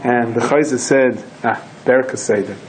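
Animated man telling a lesson story. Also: mid-range voice, moderate pace, a little hiss or hum, rough recording. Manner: animated storyteller who acts out voices and shouts in quoted lines. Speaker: rabbi. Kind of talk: storytelling Torah lecture.

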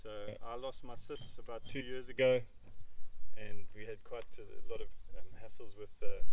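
A man's voice: lowish voice, level tone, moderate pace, low-quality recording. Man speaking at a memorial. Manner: warm reminiscing with chuckles and restarts. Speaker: eulogy speaker. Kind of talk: memorial speech. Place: outdoor gathering at a country club.

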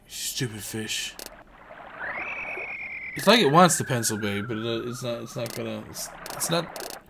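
A man giving lively let's play commentary on a fishing game, swearing and coaxing and scolding the fish as he plays. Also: medium pitch, a little fast, creaky, background noise. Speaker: gaming channel host.

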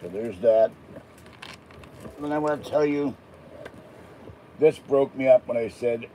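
Rambling older man, dark voice. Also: medium pitch, unhurried, long pauses, muffled recording, slight background noise. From Pittsburgh. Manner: chatty, digressive, self-deprecating asides. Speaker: unboxing vlogger. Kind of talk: rambling casual monologue.

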